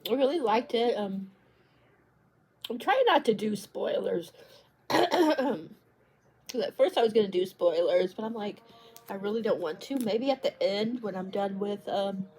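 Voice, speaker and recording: A woman's voice: medium pitch, expressive, unhurried, darkish tone, slightly rough. A woman book vlogger talking in a casual, rambling way, tripping over words and restarting sentences. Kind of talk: casual chat.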